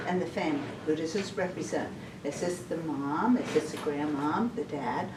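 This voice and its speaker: A woman's voice: low-pitched, moderate pace, few pauses. A woman giving a casual testimony at a church women's session, chatty and full of restarts. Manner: chatty, stumbling restarts, laughs often. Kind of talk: informal testimony talk. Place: church hall. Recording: echoey room, mic far off, noisy.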